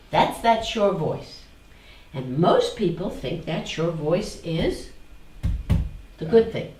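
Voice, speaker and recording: Woman spiritual teacher, slow and animated, recorded roomy from a distance. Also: on the low side, slight background noise. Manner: questions the audience, repeats phrases in a singsong. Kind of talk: interactive spiritual talk to a group.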